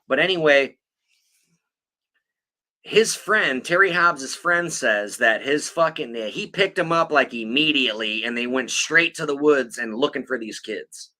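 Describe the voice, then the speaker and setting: Guy cursing his way through a podcast story, real sharp bright voice, rambly. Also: medium pitch, expressive, a little slow. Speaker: podcast co-host. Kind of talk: casual podcast chat.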